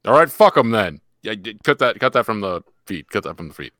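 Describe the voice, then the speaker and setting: A man's voice: on the low side, sing-song, brisk, fairly bright tone, dry recording, clean studio sound. A man playing a bossy male co-announcer in an improvised comedy sketch, barking orders. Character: male co-announcer pushing sponsor plugs.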